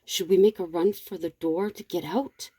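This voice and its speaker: A woman reading a frightened young woman's lines in a hushed, anxious way. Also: fairly low pitch, fairly even intonation, moderate pace, slightly rough, dry recording.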